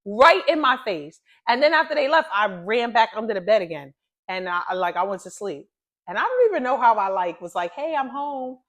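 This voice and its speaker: Woman, late 30s, podcast co-host; laughs a lot, swears, lively mid-pitched delivery. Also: a little fast. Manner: lively, laughs often, profane. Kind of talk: casual storytelling chat.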